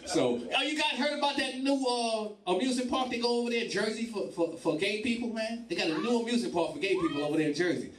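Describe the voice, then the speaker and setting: A man's voice: extremely high pitch, fast, hardly any pauses. A man doing stand-up crowd work in a bar comedy club, profane and laughing through his lines. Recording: echoey club from far off with crowd.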